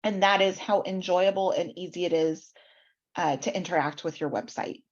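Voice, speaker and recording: A woman's voice: lowish voice, steady tone, moderate pace, highs cut off. A woman hosting an online workshop, explaining website feedback step by step with frequent ums, over a video call. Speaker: mentor reviewing websites.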